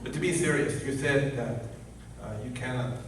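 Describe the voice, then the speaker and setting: A man's voice: medium pitch, moderate pace, background noise. A man in the audience at a convention panel asking a long, rambling, teasing question. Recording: echoey hall from far off.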